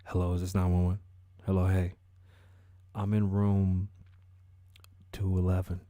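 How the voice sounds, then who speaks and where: A man's voice: sits low, monotone, a little slow, mellow, dry recording, clean studio sound, pitched below the performer's own voice. A man voicing a panicked young man who keeps calling an emergency line, stammering and pleading for help.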